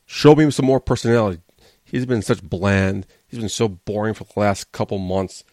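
A man's voice: lowish voice, moderate pace, a little mellow, no echo, studio quality. A man hosting a wrestling podcast, giving a blunt, sarcastic, casual review and swearing freely.

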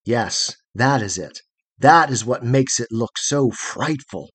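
A man reading aloud and voicing a proud young man who is terrified of the dark, talking indignantly and fretfully in a husky voice. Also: medium pitch, lively intonation, slow pace, heavily acted. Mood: fearful, rhapsodic.

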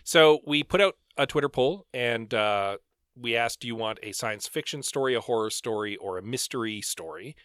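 A man's voice: medium pitch, moderate pace, fairly bright tone, smooth, dry recording, clean studio sound. A man co-hosting a book club podcast, musing aloud in casual chat with occasional fillers. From Canada. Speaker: podcast co-host.

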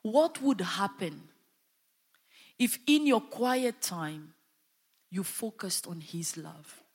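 Woman preaching slowly in a reverberant hall. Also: mid-range voice, big pitch swings, breathy edge. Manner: impassioned, rising and falling emphasis with call-and-response. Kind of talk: sermon.

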